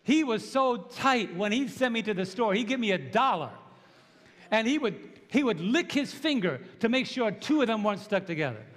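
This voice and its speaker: High-voiced man in his sixties preaching. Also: normal speed. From New York. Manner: animated storytelling with call-and-response. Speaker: pastor. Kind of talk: preached sermon. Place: church sanctuary. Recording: long church hall reverb.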